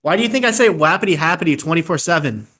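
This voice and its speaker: A man's voice: a little high, sing-song, rapid-fire, fairly bright tone. A young man co-hosting a podcast, joking around in casual, crude banter. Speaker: podcast co-host. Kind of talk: casual chat.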